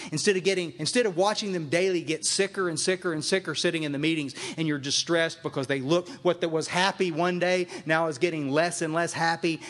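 A man addresses a live meeting, his voice sitting fairly high for a man. He talks with emphatic force and circles back on his phrases to drive them home. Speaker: recovery group speaker and sponsor. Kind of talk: speaking to a live meeting audience. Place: meeting room with a live audience.

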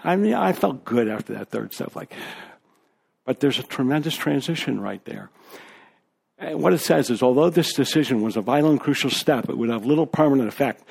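A man's voice: medium pitch, gravelly, a little mellow, slightly rough. A man as a guest speaker, telling his personal recovery story to a group in a candid, conversational way with fillers and asides.

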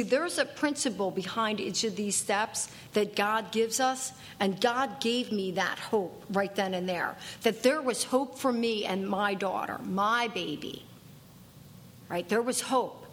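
A woman's voice: mid-range voice, a bit bright, slight background noise. A woman giving a personal testimony at a recovery meeting, earnest and emphatic, repeating key lines for weight. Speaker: speaker sharing at a recovery meeting.

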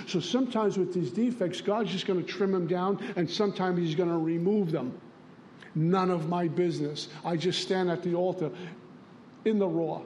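A man's voice: sits high, steady tone, moderate pace, darkish tone. A man sharing in a recovery meeting, telling plainspoken stories and acting out dialogue. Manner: storytelling, plainspoken, acts out dialogue. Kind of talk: recovery share.

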